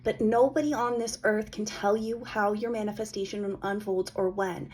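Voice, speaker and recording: A woman's voice: medium pitch, fairly even intonation, moderate pace, darkish tone, husky. A woman hosting a podcast, giving a blunt, emphatic motivational monologue and swearing freely. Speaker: podcast host.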